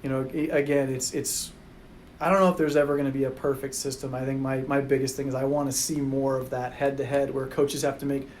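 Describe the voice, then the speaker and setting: A man's voice: medium pitch, level tone, a little fast, a little mellow, slight background noise, poor audio. A man talking casually on a podcast about college track, rambling with restarts.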